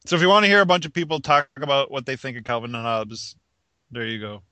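Male podcast co-host, casual rambler, bright tone, dry close sound. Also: medium pitch, expressive, fast talker, no room sound. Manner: rambling, frequent restarts, laughs at own jokes. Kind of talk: casual chat.

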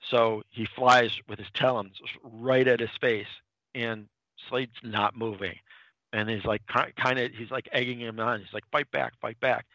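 A man's voice: medium pitch, measured pace, dry recording, lo-fi sound. A man casually recapping a comic book plot on a podcast, rambling with restarts and acting out lines. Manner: animated, dips into quoted character lines. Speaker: podcast co-host.

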